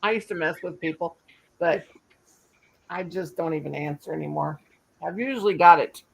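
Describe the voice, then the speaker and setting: A woman's voice: low-pitched, normal speed, gravelly, husky, low-quality recording. Chatty older woman. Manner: chatty, laughs easily, rambling asides. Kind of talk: casual live chat.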